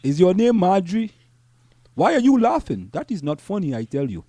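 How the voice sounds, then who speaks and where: A stern, scolding man with a put-on foreign accent, raised a little in pitch and pressing his questions insistently, as a podcast host hams it up. The voice is dry and close, with a dark tone. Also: fairly quick, no echo, lightly acted. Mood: mock stern. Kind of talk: comic impression in banter.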